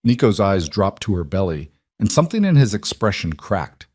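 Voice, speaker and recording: Low-voiced guy narrating a dramatic story, measured, dry close sound. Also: sing-song, darkish tone, slightly rough, no echo.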